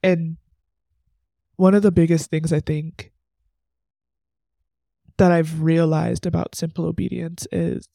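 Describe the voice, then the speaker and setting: A man's voice: on the high side, little pitch movement, slow pace, gravelly, pauses often, dark tone, no room sound, clean studio sound. A man in his twenties hosting a faith podcast, talking earnestly and emotionally in a chatty way, full of "like" asides. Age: 20s. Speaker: podcast host.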